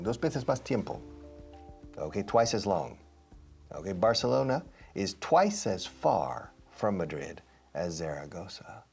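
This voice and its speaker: Deep-voiced man explaining English slowly. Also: darkish tone. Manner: unhurried, explanatory, repeats phrases. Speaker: English teacher. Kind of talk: bilingual language lesson.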